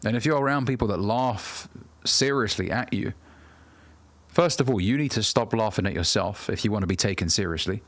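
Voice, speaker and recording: Male coach, 30s, low gravelly voice, blunt and preachy with plenty of swearing, dry close recording. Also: fairly quick, a bit bright, no echo. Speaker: dating and self-improvement coach. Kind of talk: direct-to-camera advice talk.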